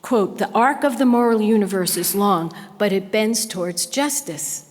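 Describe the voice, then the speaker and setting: A woman's voice: mid-range voice, expressive, normal speed. An older woman giving an impassioned public lecture, speaking with emphatic conviction. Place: lecture hall. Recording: long hall reverb.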